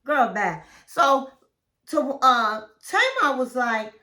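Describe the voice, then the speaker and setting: A woman's voice: high-pitched, very animated, slow pace, pushed and bright. A woman hosting a casual reality TV recap, telling the story in a chatty, gossipy way and acting out what people said. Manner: chatty, gossipy storytelling that acts out quoted lines.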